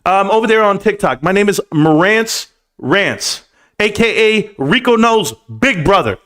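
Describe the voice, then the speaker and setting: Male livestream host, middle-aged, high-pitched, boastful trash-talker with singing outbursts. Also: expressive, a little slow. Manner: brash, boastful trash talk with swearing; bursts into singing and shouting. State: out of breath. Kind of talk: hyped late-night stock talk livestream.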